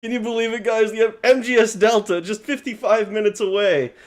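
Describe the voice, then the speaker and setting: A man chats loosely with his stream audience, his voice sitting a little higher than most men's. He gets excitable, trips over his words, curses freely and breaks into laughter constantly. It sounds close and direct, as if he is speaking into a desk microphone. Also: a little fast. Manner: excitable, swears, stammers and laughs often. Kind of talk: casual livestream chat.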